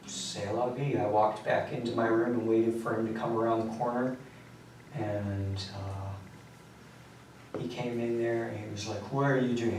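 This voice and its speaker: Questioned as a suspect, a teenage boy near adulthood haltingly and quietly rambles through what happened, his voice somewhat low and weary. The recording comes from far away in a very echoey, empty interrogation room, with faint hiss in the background.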